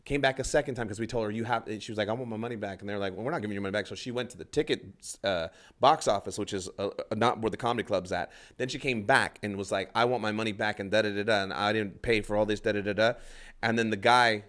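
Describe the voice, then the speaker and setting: A man's voice: fairly low pitch, quick pace, a bit bright. A male comedian telling a rambling story in casual podcast chat, acting out other people's lines and swearing freely. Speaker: stand-up comedian guest.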